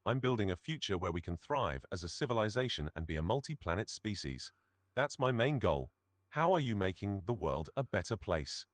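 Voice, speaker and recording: A smug, unbothered tech billionaire talks in a lowish voice that swings up and down, as a synthetic man voices him. The sound is dry and close. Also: very animated, a little fast, no echo.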